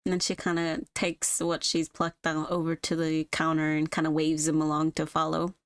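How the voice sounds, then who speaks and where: A woman's voice: low-pitched, completely flat delivery, normal speed, clear, resonant tone, no echo. A woman chatting and narrating scenes in a casual improv roleplay, talking with many filler words.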